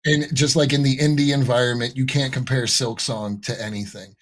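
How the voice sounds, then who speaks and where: A man's voice: mid-range voice, fairly even intonation, fairly quick. A man co-hosting a casual podcast, rambling and swearing freely as he riffs. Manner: rambling, profane, slips into silly voices. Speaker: podcast co-host.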